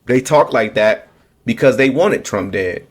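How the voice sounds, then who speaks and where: A man's voice: medium pitch, lively intonation, unhurried. A man giving a casual, repetitive political rant to camera, often restarting his sentences. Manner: repetitive, restarts, sarcastic mocking quotes. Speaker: political commentator.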